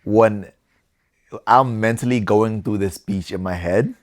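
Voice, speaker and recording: A man's voice: lowish voice, a little slow. A young man co-hosting a podcast, talking things through thoughtfully in casual chat and often restarting his words. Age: young adult. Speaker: podcast co-host.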